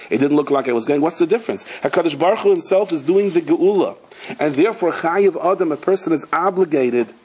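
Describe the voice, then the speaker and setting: Man, rabbi, Torah class, husky voice, a bit high pitched, animated storyteller. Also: rough recording. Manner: animated storyteller, slips into character voices and Hebrew and Yiddish terms.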